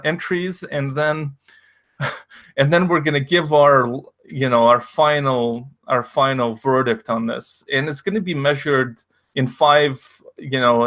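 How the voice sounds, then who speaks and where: A man's voice: medium pitch, fairly bright tone. A man whose first language is Russian, hosting a stream in a rambling, profane, jokey way. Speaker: stream host. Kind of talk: casual stream chat.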